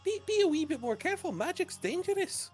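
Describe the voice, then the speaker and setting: A man's voice: extremely high pitch, big pitch swings, fairly quick, soft background music, voice pushed up. A man playing a stammering artificer. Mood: lecturing. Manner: stammering, lecturing. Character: blustering male artificer, lecturing and stammering.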